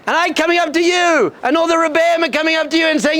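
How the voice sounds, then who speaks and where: A man, a rabbi, giving an energetic pep talk to yeshiva students, telling a story and acting out bleating sheep and a roaring lion, with emphatic, repeated punchy lines. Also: very high-pitched, fast talker, hardly any pauses.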